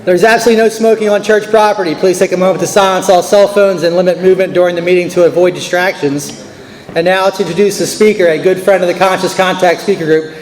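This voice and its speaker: A man chairing a recovery meeting, briskly reading announcements and introducing the speaker in a church hall. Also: high-pitched, steady tone. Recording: echoey hall.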